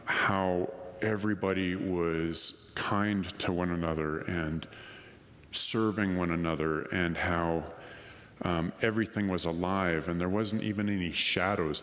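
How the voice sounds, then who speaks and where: A middle-aged man giving a personal testimony at a conference, an animated storyteller who acts out the dialogue. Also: low voice. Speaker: conference speaker. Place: conference hall. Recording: long hall reverb.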